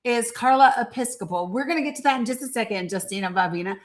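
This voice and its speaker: Woman host for a live-stream chat; bubbly, chatty, greets her viewers warmly by name. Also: a little high, lively intonation, quick pace.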